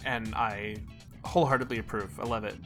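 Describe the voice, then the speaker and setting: A man's voice: lowish voice, steady tone, brisk, faint music behind. A man co-hosting a podcast in casual chat, dropping dry joking asides. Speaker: podcast co-host.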